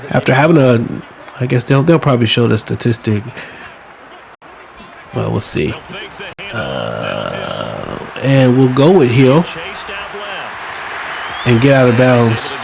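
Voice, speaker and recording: A man talks slowly and casually over his football video game, calling the plays like a commentator. He stays laid-back and self-mocking, with sudden excited bursts. A loud stadium crowd from the game plays behind him. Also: mid-range voice, gravelly. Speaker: podcast host playing a football video game. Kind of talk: casual play-by-play commentary while gaming. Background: stadium crowd sound from the game.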